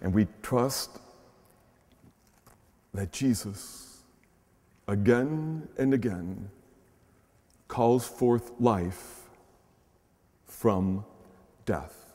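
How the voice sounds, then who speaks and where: Man, pastor, slow, earnest sermon delivery in a reverberant church. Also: on the low side. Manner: earnest preaching with slow pauses and swelling emphasis; gentle, playful talk to children. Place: large church shrine. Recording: long echo of a large church.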